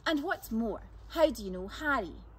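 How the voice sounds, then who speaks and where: A woman's voice: on the high side, lively intonation, moderate pace, slightly rough, far from the mic. A woman voicing a haughty older girl who speaks in a grand, imperious way.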